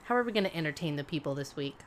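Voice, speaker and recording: Chatty lower-voiced woman co-host. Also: animated, rapid-fire, slight background noise. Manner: chatty storyteller, laughs while talking. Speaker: podcast co-host. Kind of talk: casual chat.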